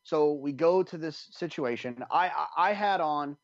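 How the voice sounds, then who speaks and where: A man's voice: on the high side, unhurried, no room sound, dull audio. A man telling a long story on a podcast, rambling with many restarts, acting out what people said. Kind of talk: casual storytelling.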